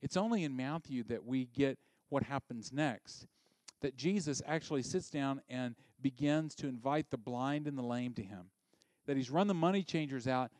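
A male pastor preaching a sermon. He is animated and sometimes drops to a hushed near-whisper for emphasis. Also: medium pitch, normal speed, dry recording.

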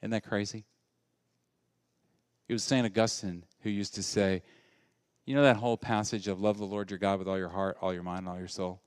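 A male pastor preaching a sermon, moving between loud, animated passages and hushed, intimate ones. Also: on the low side, moderate pace, pauses often, clean tone, dry recording, clean studio sound.

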